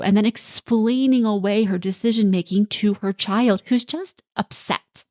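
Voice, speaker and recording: A woman's voice: a little high, normal speed, hardly any pauses, a little mellow, dry recording. Woman coaching parents, dry close mic. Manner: coaching, reassuring, acts out quotes from kids and parents. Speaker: podcast host and parenting coach. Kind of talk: solo podcast talk.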